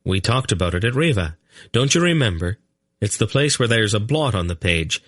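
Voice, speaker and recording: A man's voice: on the low side, very animated, normal speed, fairly bright tone, dry recording, clean studio sound, pitched above the performer's own voice. A man voicing an earnest young man who urgently pleads with his grandfather in an audiobook. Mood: pleading. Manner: urgent, raises voice when calling.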